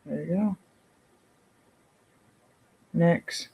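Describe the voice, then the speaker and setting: Kinda high gravelly guy gushing over an unboxing, lots of whispery oohs. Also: extremely slow, warm tone, slight background noise, rough recording. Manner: gushing, breathy exclamations, frequent whispered asides. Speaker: vlogger unboxing subscription boxes. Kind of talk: casual unboxing chat.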